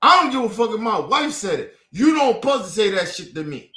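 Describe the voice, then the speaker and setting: Casting note: furious man venting, high bright voice, echoey room, profane and repetitive. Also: very animated, a little fast. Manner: heated, profane, repetitive outbursts. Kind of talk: angry personal rant.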